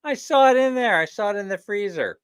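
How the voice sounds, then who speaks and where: A man's voice: high-pitched, expressive, a little fast, clear, resonant tone, no room sound, studio quality, voice pushed up. A man voicing an eager adult male friend who insists in an everyday voice. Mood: insistent.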